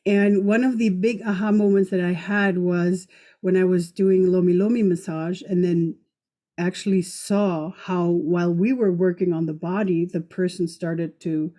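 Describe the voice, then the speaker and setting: Woman podcast host, mellow dark voice, rambling with restarts. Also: lowish voice, steady tone, a little slow. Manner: warm and rambling, hesitant restarts. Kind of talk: casual podcast conversation.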